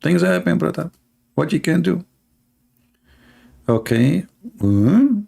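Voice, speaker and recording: A man giving sarcastic, mocking commentary while reading texts off a screen, speaking English with non-native phrasing and breaking into sudden high-pitched exclamations. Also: big pitch swings, takes it slowly, creaky, dark tone. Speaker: online commentator.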